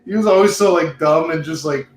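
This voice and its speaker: A man's voice: on the high side, a little fast, roomy sound, slight background noise. A man hosting a casual chat show from a cigar lounge, rambling, laughing and swearing as he talks. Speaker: host.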